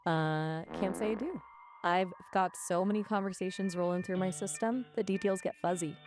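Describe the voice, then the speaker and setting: A woman's voice: lowish voice, fairly even intonation, music in the background. An AI chatbot speaking in a woman's voice, chatting playfully and quipping with a streamer. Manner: chirpy, playful, quick with quips. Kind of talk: casual chat.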